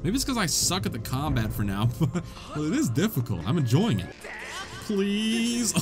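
A man giving excitable, self-mocking let's play commentary, laughing often at his own mistakes, with game music in the background. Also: fairly high pitch, fast. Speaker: gamer, channel host.

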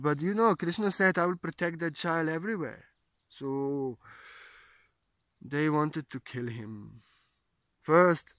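A spiritual teacher telling a religious legend in digressive, simple broken English, often saying "you know". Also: male voice, a little high, a bit bright, no echo. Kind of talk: spiritual storytelling talk.

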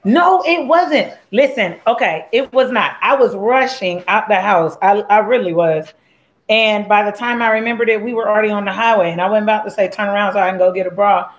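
A cooking show host talks fast in a mid-range voice with fairly even intonation. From her home kitchen she runs a laid-back live stream, making a drink while she jokes and greets her viewers by name.

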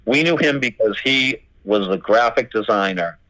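Low, dry-voiced storyteller man. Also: moderate pace, no room sound, poor audio. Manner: animated, acts out quoted dialogue, swears freely. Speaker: record label owner, guest. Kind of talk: casual storytelling interview.

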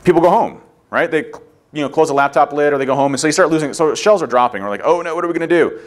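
Fast-talking man telling security war stories. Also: fairly high pitch. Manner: rapid, animated storytelling, acts out quotes. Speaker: security conference speaker. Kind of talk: conference talk with anecdotes. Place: conference room.

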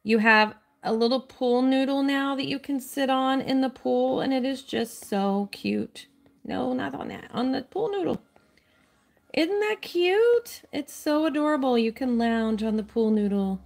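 A woman's voice: high-pitched, expressive, measured pace, creaky. Gushing, chatty woman streamer. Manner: chatty and gushing, squeals over cute things; apologetic, reads out chat names. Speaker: live streamer playing a kids' game. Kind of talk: casual live-stream gameplay chat.

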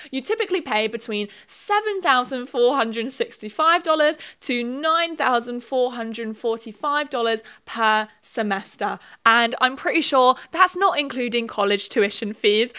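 A woman's voice: fairly high pitch, lively intonation, moderate pace, sharp tone. A young woman giving a casual commentary video, chatty and full of laughing asides. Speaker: video essayist.

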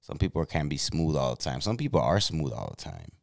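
Chill guy hosting a late night chat, super deep voice, lively ups and downs. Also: fairly quick, vocal fry, no room sound, clean studio sound. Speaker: podcast host.

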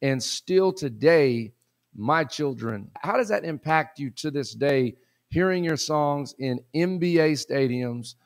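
A man's voice: a little high, animated, slow. A man hosting an interview, asking long questions that mix in his own memories. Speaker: host.

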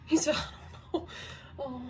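A young woman hosting a reaction video, excitable and swearing, pleading with the characters on screen as she comments live. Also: takes it slowly, music in the background.

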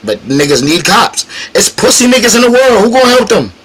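A man chatting casually on a livestream as a battle rapper guest, animated, profane and combative, teasing the chat directly. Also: sits high, fairly quick, slightly rough.

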